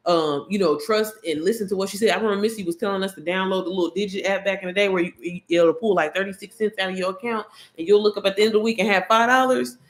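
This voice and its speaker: A woman YouTuber telling a story to her viewers, candid and slangy, swearing freely and calling them y'all. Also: mid-range voice.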